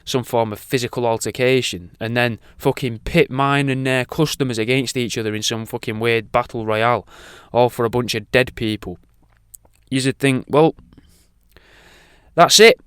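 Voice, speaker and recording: A man's voice: mid-range voice, fairly even intonation, normal speed, fairly bright tone, clear, resonant tone, no room sound, studio quality. A man hosting a radio talk show, rambling off on tangents and swearing freely. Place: radio studio.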